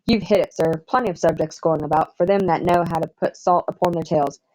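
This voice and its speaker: A woman's voice: fairly low pitch, a little fast, a little mellow, close to an everyday voice, rough recording. A woman with a Southern US accent voicing a pompous, self-satisfied older man who lectures at the dinner table. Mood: pompous lecturing.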